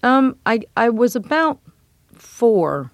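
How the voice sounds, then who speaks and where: A middle-aged woman being interviewed as a memoir author, speaking in a measured, reflective way with frequent ums. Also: on the high side, very animated, no room sound. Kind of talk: interview conversation.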